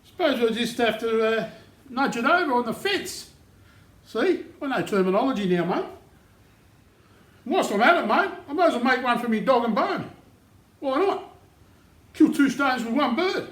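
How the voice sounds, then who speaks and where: A cocky, slangy man jokes his way through woodworking, his pitch jumping around. He sounds boomy in a roomy, echoing shed. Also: lively intonation, normal speed, long pauses, a bit bright. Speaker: novice woodworker apprentice. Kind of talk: comic workshop banter. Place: workshop shed. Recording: roomy echo.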